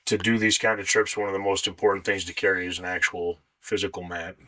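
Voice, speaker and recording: Low-voiced podcast host man. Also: steady tone, fast, pushed and bright. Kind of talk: casual interview.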